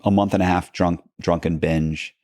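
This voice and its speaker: A man's voice: low voice, steady tone, normal speed, a little mellow, dry recording, studio quality. A man, a podcast guest, telling a long story in a casual, rambling way, full of restarts and asides and acting out what people said.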